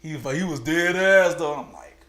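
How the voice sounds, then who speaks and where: A man's voice: a little high, a little fast. A young man streaming, telling a story to his viewers in casual street slang and laughing often. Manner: animated, laughs a lot, slangy street talk.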